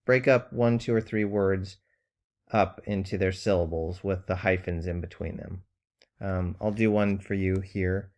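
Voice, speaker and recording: Male teacher, lowish voice, patient and plain, frequent ums and pauses, recorded lesson. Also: fairly even intonation, darkish tone.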